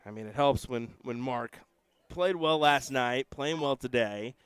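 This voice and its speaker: Male darts commentator, smooth clear voice, easygoing play-by-play with wry self-deprecating asides. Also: mid-range voice, a little slow, dry recording. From United States. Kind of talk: live sports commentary.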